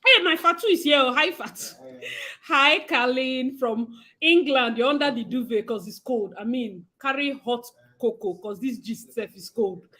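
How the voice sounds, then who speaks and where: A woman's voice: high-pitched, moderate pace, pushed and bright. Chatty Nigerian woman hosting a livestream. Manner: chatty, greets viewers by name, laughs often. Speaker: livestream host. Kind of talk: casual live-stream chat.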